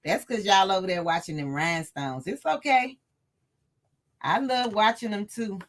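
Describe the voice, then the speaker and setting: Talking to her live chat during a casual sewing livestream, this woman is chatty and laughs frequently. Her voice is mid-range, and her pace is moderate. She's the host of a sewing tutorial.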